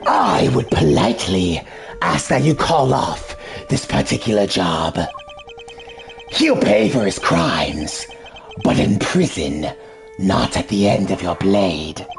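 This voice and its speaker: A man voicing a calm, protective male character in a fan game dub, speaking in a measured, polite way. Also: fairly low pitch, creaky, heavily acted. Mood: firm. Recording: faint game music behind.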